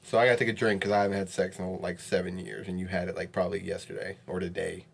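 A man's voice: low voice, little pitch movement, quick pace, gravelly, breathy edge. A man co-hosting a casual podcast drinking game, laughing and swearing as he gets drunk. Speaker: podcast co-host.

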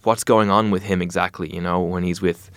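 A man's voice: low voice, steady tone, brisk, a bit bright, no echo. A man, an actor being interviewed, talking in a thoughtful, rambling way with many fillers. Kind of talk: casual interview chat.

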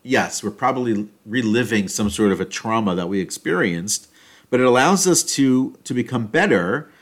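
A man at a middle pitch gives a reflective solo talk on a self-help topic. He thinks aloud in loose sentences, stopping to restart and filling gaps with small hedging words. His loudness rises and falls as he goes. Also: animated, normal speed.

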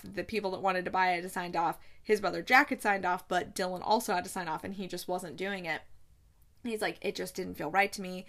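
A young woman retells a movie plot in an easy, chatty way. She gushes, laughs often and acts out the characters' lines as she goes. Her voice sits in an ordinary middle pitch. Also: fairly bright tone. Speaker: movie review host. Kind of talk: casual movie recap.

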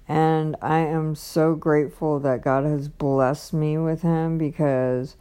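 A woman's voice: deep voice, fairly even intonation, slow, hardly any pauses, warm tone, clean tone. A woman vlogger telling a personal story in a casual, rambling, gushing way, with many fillers and restarts.

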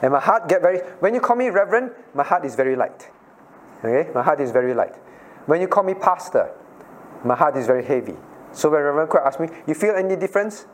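A man's voice: on the high side, expressive, fast. A man, a pastor, teaching a Bible study class. He questions listeners by name and repeats his key phrases.

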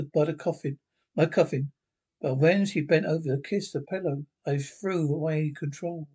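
Reading a gothic short story aloud, a man narrates in the first person with dramatic flair. His voice sits slightly high for a man, with a husky, breathy grain and a somewhat mellow quality.

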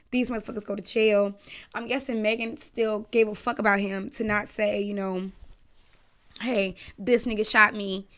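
A woman's voice: fairly high pitch, a bit bright. A young woman hosting a casual talk show, rambling and cussing with laughing asides. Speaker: podcast host. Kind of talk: casual storytelling chat.

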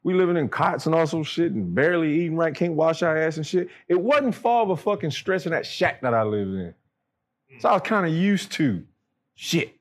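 A man's voice: lively intonation, normal speed. Profane middle-aged man telling war stories. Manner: profane, blunt, acts out quoted dialogue with jumps in pitch. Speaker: podcast guest, military veteran. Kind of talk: casual storytelling chat.

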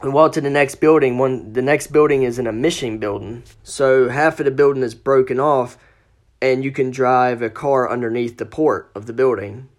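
A man's voice: medium pitch, steady tone, normal speed. A man telling a ghost story as a podcast guest, casual and profane, acting out the quoted lines.

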